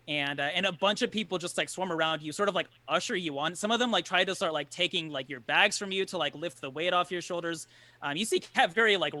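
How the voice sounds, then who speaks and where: Brief: male game master, bright tone, dry close recording, loose rambling narration. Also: a little high, no room sound. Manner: rambling, lots of filler words.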